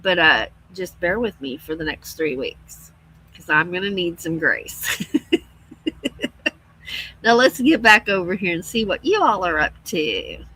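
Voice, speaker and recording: Husky-voiced woman chatting on a livestream. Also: lowish voice, lively intonation, unhurried, pauses often, bright, forceful tone, no room sound, low-quality recording. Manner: chatty, laughs often, reads viewer comments aloud. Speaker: livestream host. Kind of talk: casual live-stream chat.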